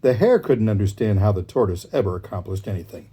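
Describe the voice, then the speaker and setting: A man casually reading fables aloud, relaxed and chatty, with friendly asides in between. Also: on the low side, fast, slightly rough. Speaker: storyteller.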